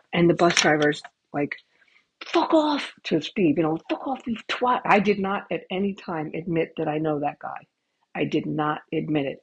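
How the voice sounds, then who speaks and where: Husky woman telling rambling stories. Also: deep voice. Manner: rambling, profane, chatty. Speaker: podcast host. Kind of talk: casual storytelling. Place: home with cats. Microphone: headphone mic cutting in and out. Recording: dull lo-fi home recording.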